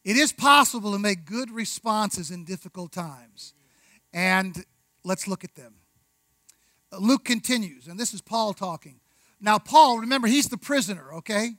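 A man preaching a sermon, conversational, with rhetorical questions, asides and slow, deliberate emphasis on key words. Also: high voice, lively intonation, sharp tone, dry recording, rough recording. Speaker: pastor.

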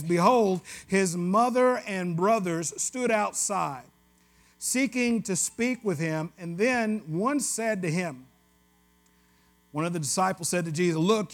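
High-voiced Southern preacher, West Tennessee. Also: male voice. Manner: conversational and joking, with asides to the congregation. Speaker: pastor. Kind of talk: sermon.

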